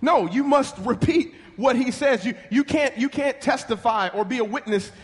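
Animated preacher, high-pitched man, call-and-response delivery; recorded with long church reverb. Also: moderate pace. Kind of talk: sermon.

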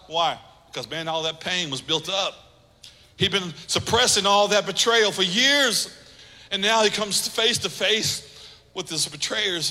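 Male pastor preaching with emphatic repetition, fairly high voice, big reverberant hall. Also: pushed and bright. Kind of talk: sermon.

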